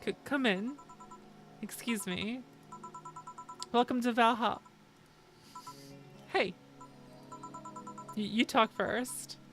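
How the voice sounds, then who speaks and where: A woman's voice: on the high side, takes it slowly, long pauses, fairly bright tone, faint music behind. A woman reading a visual novel's dialogue aloud on a stream, doing every part herself in a plain delivery.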